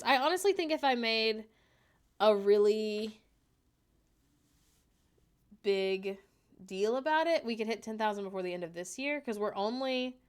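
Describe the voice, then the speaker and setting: A young woman chatting casually on a livestream from home, joking and laughing often at herself. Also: on the high side. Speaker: streamer. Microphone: desk microphone.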